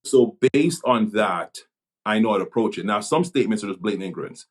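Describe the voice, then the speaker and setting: A man from Jamaica with a fairly low voice talks as a pastor and police chaplain in a relaxed podcast chat. He thinks aloud, trips over his first words and starts again, and then lands his point with calm conviction. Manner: reflective, halting, many restarts. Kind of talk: podcast conversation.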